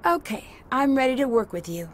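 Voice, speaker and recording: Young woman sleuth, curious and earnest, a bit high-pitched. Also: big pitch swings, brisk, slight background noise. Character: earnest young female amateur detective. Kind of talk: video game voice acting.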